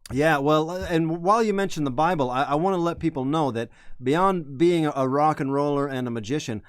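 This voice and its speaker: A man's voice: a little high, a little fast, smooth, no echo. A man hosting an interview, rambling and searching for words. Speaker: host. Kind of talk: casual interview chat.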